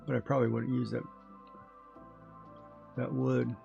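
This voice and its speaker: A man's voice: medium pitch, flat delivery, a little slow, creaky, mellow, lo-fi sound, soft background music. A man streaming, chatting casually with his live audience, rambling along and chuckling often.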